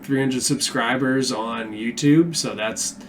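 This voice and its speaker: An easygoing man co-hosts a casual podcast, often laughing and letting his sentences trail off. His voice sits at a middling pitch. Faint background noise runs behind him. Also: slow pace. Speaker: podcast co-host.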